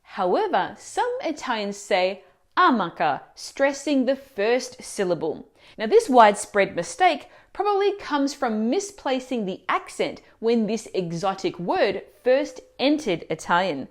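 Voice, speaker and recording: A woman teaching Italian pronunciation in a scripted video lesson, explaining words clearly and asking the viewer questions. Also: a little high, sing-song, unhurried.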